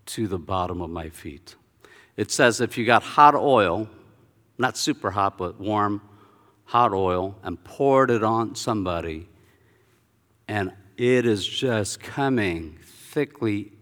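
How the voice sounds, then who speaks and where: A male pastor preaching a sermon, telling a personal story with animated swings between hushed and loud delivery. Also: medium pitch, big-room sound.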